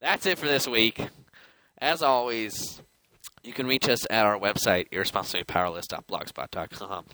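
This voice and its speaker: A man's voice: lowish voice, normal speed, bright, forceful tone, no echo, low-quality recording. A young man co-hosting a podcast, chatting loosely about comics, rambling and laughing as he acts out what characters say. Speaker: podcast co-host. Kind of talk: casual comic book chat.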